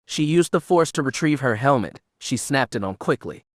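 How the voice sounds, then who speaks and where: A man narrates an audiobook in a steady, measured way. His voice sits at a middle pitch. The recording is dry and close, with no echo.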